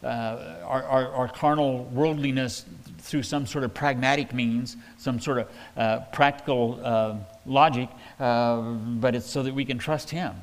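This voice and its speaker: A man preaching a verse-by-verse sermon at a middle pitch, his folksy, conversational delivery full of plain paraphrase. His voice carries a long reverb, like a church sanctuary. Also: steady tone, a little slow. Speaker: pastor.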